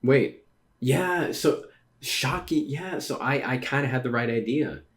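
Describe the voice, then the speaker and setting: A man streaming a casual read-through of a comic, reacting excitedly with slangy exclamations. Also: medium pitch, a little slow. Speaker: streamer reading manga aloud.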